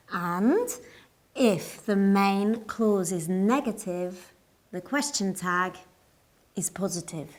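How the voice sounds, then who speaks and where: A woman narrating a scripted English lesson in a slow, clear and deliberate teaching voice. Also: medium pitch, darkish tone.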